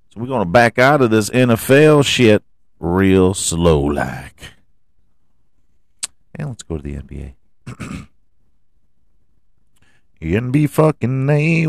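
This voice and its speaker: A man hosting a casual solo sports podcast, rambling and profane, with a scratchy throat he keeps clearing. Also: medium pitch, dry recording, clean studio sound. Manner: rambling, profane, self-mocking asides. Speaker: podcast host.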